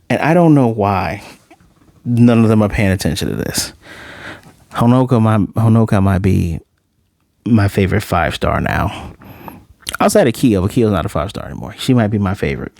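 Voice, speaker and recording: A man's voice: mid-range voice, a little mellow, dry recording, clean studio sound. A man reviewing an anime episode in a casual, rambling, blunt way.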